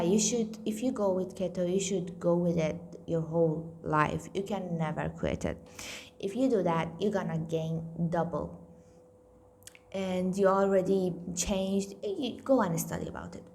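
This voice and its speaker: Woman, vlogger, lowish voice, blunt and emphatic, casual talk. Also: creaky, a little hiss or hum.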